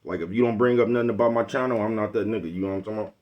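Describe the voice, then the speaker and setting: A relaxed man talks straight to his own channel's viewers in a slightly low voice. He brags easily about his own skills, chuckles between phrases and loops back to the same catchphrase. He sounds unhurried and loose. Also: highs cut off. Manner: laid-back, boastful, keeps asking "you know what I'm talking about". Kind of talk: casual rambling vlog talk.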